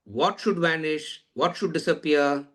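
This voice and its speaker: A man's voice: a little high, a little slow, fairly bright tone. Man lecturing, repeating and questioning. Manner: repeats phrases, asks rhetorical questions. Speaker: Vedanta teacher. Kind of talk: lecture on scripture.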